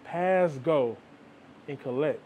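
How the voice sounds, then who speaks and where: A young man with a high, light voice, talking straight to his viewers. He lectures in a loose, preachy way and keeps throwing in "man" and "like". It is a casual motivational vlog monologue. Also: takes it slowly, phone-quality sound, slight background noise. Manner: preachy, repeats "man" and "like", quotes people in asides. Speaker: vlogger.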